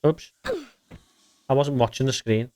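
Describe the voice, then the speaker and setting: A man with a medium-pitched, dark-toned voice speaks at a measured pace with fairly even intonation. While streaming a game, he chats bluntly and swears, reading viewer messages aloud and chuckling often.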